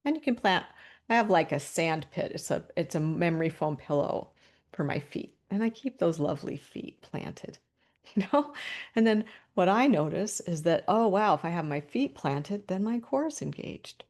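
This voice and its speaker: Low, gravelly-voiced woman guiding a webinar. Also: normal speed. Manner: calm, inviting, laughs lightly between cues. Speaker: webinar presenter. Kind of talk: guided body-awareness instruction. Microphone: video call.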